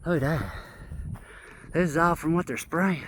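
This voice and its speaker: A man talking outdoors into a handheld phone, excitedly and insistently pointing things out as he walks up a hill. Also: fairly high pitch, moderate pace, slight background noise. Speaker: vlogger. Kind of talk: casual filmed commentary.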